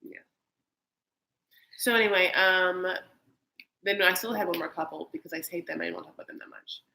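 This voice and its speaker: A woman's voice: on the low side, fairly quick, vocal fry, pushed and bright, rough recording. A woman hosting a casual reality-TV recap chat, chatty and campy, slipping into exaggerated voices to mimic people. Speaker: host.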